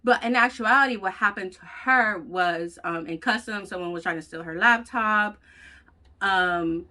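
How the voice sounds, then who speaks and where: A woman vlogger telling a personal story in a blunt, profane, animated way. She has children. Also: on the low side. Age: adult with children. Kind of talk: casual storytelling vlog.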